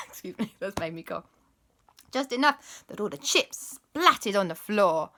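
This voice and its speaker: A woman hosting a children's storytime, animated and dropping into spooky whispers for the eerie parts. She takes her time, unhurried, with a bright, clear tone and a lively, rising and falling delivery. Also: medium pitch, slight background noise. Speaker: storyteller and show host.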